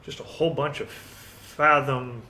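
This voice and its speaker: Slow halting man narrating as game master. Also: mid-range voice, steady tone, sharp tone, slight background noise. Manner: halting, with restarts and coughs.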